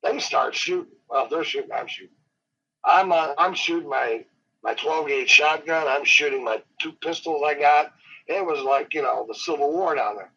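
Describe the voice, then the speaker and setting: Husky-voiced man telling a wild story. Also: a little high, pushed and bright. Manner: rambling, dramatic, slows down for suspense. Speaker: professional wrestler guest. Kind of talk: animated storytelling. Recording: dull lo-fi interview audio.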